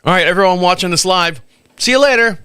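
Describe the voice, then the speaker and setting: A man's voice: high-pitched, fast talker, clean tone, dry recording. A man hosting a podcast live stream, telling stories in a casual way, chuckling and acting out the dialogue. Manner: animated, chuckles, acts out dialogue. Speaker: podcast host.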